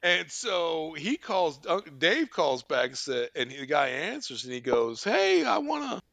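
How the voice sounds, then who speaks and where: Gravelly animated man telling stories. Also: on the high side, measured pace, dry recording. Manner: animated, swearing, laughing. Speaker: podcast host. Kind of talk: profane comic storytelling.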